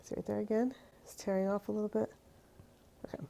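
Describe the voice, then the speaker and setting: A woman talks through her cheesemaking in a home kitchen. Her delivery is chatty and exasperated, with self-mocking asides at mid pitch. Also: little pitch movement, a little fast, creaky, warm tone. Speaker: cheesemaking channel host. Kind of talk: casual kitchen vlog talking to camera.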